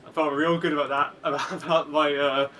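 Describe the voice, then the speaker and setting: Competitor: man, bright higher voice, eager chatter with restarts and laughs, distant mic with faint hiss. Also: flat delivery. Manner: rapid, restarts a lot, laughs often. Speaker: bingo league player. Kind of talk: casual post-match chat.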